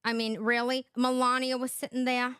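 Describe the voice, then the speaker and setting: A woman's voice: on the high side, level tone, moderate pace, a bit bright, clean tone, dry recording, clean studio sound. A woman hosting a reaction commentary, talking sarcastically and laughing often as she mocks the clips. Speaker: commentary channel host.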